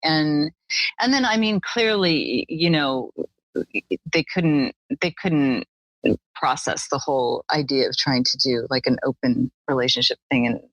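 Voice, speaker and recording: Low-voiced woman in dry close podcast chat. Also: a little slow, no echo, lo-fi sound. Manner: reactive listener, laughs and gasps often. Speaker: podcast co-host. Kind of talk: casual chat.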